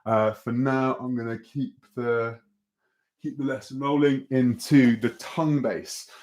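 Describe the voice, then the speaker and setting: A young man leads a beatbox workshop in a relaxed, encouraging way. He pauses often with ums and uhs and restarts his sentences. His voice sits at an ordinary middle pitch. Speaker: beatbox teacher. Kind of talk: online workshop lesson.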